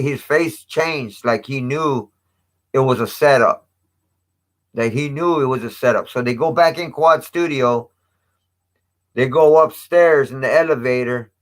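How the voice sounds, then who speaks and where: A man's voice: medium pitch, a bit bright. Man retelling a story in street slang. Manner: street slang, heavy cursing, quotes others in raised voice. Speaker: channel host. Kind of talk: casual storytelling to a live chat.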